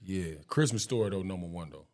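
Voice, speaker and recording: A man's voice: low-pitched, brisk, a little mellow. A man in his thirties co-hosting a podcast, talking in laid-back, slangy casual chat. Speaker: podcast co-host.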